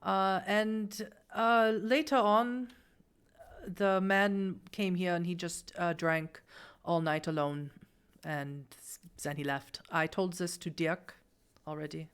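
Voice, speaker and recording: A woman's voice: lowish voice, fairly even intonation, slow, clear, resonant tone. A woman playing an evasive German innkeeper. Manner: hesitant and defensive, full of fillers.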